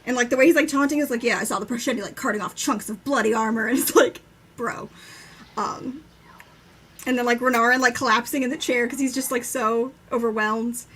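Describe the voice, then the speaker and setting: A young woman co-hosting a casual live-stream book chat, enthusiastic and quick to swear, acting out quotes with laughter. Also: a little high, fairly even intonation, a bit bright, slightly rough. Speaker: book discussion co-host.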